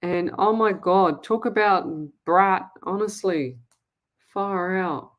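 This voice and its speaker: A woman's voice: mid-range voice, takes it slowly, muffled recording. An Australian woman hosting a live-stream, reading out viewer comments and answering them in a blunt, emphatic way. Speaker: psychic medium host.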